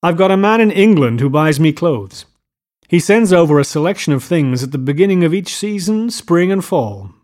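A man's voice: fairly high pitch, animated, normal speed, darkish tone, voice pushed up, lightly acted. A man voicing a giddy, wealthy young man showing off his house in an audiobook reading. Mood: proud.

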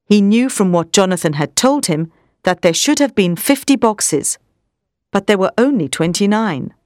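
Woman narrator, storybook read-aloud, lively, expressive pitch, dry close sound. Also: moderate pace, no echo. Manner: clear, expressive reading.

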